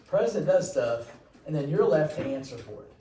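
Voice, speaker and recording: A man's voice: on the high side, lively intonation, a little fast, mellow, roomy sound, recorded from a distance, a little hiss or hum, rough recording. A man teaching a class, chatty and rambling, with jokey asides to his students. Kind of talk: classroom lecture.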